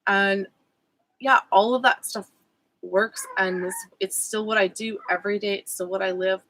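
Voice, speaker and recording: A woman vlogging as a spiritual coach sounds emotional, candid, and reflective, often using fillers and correcting herself. Her mid-range voice has vocal fry and a slightly bright quality, captured in a low-quality recording with some hiss or hum.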